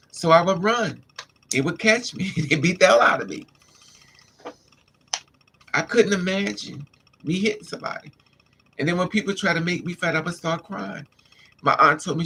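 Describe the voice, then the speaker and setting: A man's voice: on the high side, gravelly, bright, forceful tone, a little hiss or hum. A man livestreaming, telling a candid personal story in an emphatic, casual way and calling his listeners honey and child. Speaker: livestream host.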